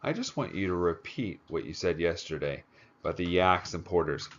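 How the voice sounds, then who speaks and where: Man voicing a bossy director in an audiobook, raised pitch, punchy orders, dull sound. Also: animated, a bit bright, a little hiss or hum. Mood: impatient. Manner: pushy, brisk, orders people about. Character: impatient adult male film director.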